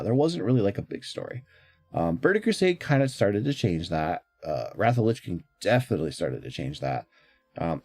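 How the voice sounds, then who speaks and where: A man with a low, mellow voice chats casually on stream, rambling with frequent fillers and restarts. His pitch swings up and down a lot. The sound is dry, with faint music behind him. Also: no echo. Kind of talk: casual chat.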